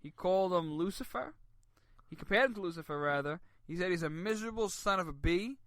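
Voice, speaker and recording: A high-voiced man with a sharp, forceful edge to his tone. He co-hosts a comedic radio talk show, joking loudly and laughing through his riffs. The sound is close and dry. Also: lively intonation, a little fast, clear, resonant tone, no echo.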